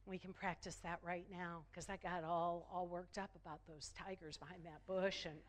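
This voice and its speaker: A woman minister delivering a sermon, slow and emphatic, repeating phrases for effect. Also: lowish voice, little pitch movement, slight background noise.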